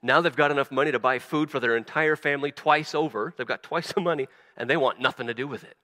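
A man preaching a sermon as a pastor, animated, acting out quoted voices, often stumbling and restarting. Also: mid-range voice, quick pace, long reverb tail.

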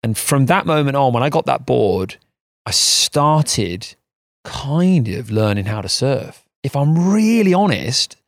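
A man's voice: medium pitch, very animated, slow pace, no echo, clean studio sound. A man co-hosting a podcast, chatting in a rambling, self-mocking way. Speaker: podcast co-host. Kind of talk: casual chat.

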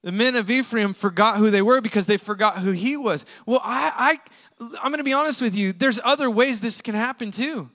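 A male pastor preaching a storytelling sermon in a casual, conversational way, with emphatic points and quick asides. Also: extremely high pitch, pushed and bright, long reverb tail.

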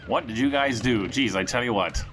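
A man's voice: mid-range voice, a little fast, a bit bright, slight background noise. A man playing a tabletop game, joking and teasing the others. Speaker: player.

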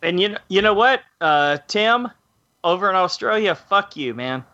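A man's voice: sits high, lively intonation, normal speed, pushed and bright, muffled recording. A man hosting a casual podcast, exclaiming, laughing often and swearing freely. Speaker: podcast host.

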